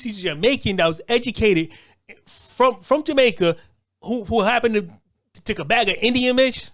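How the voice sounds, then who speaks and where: A man's voice: very high-pitched, no echo, clean studio sound. Rambling man ranting with loose laughter. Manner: loose, repetitive, stumbling restarts, frequent laughter. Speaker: show host. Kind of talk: rambling monologue rant.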